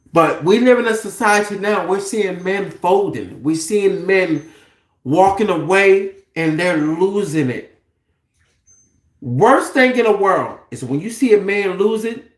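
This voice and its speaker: A man's voice: high-pitched, animated, a little slow, roomy sound. A man delivering an impassioned, profane monologue, firing off rhetorical questions in a heated, preachy way.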